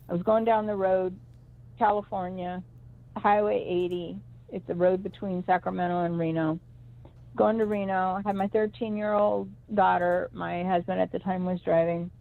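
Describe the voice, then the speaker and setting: Gravelly and fairly low in pitch, a middle-aged woman phones in to a show to recount something that happened to her. A psychic reader by trade, she rambles with emphasis and keeps restarting, all through a tinny phone connection.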